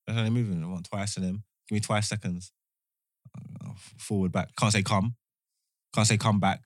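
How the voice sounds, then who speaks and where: A man's voice: low voice, a little fast, long pauses, dry recording, studio quality. A young man, chatting in slangy, rambling banter and laughing often. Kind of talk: casual banter.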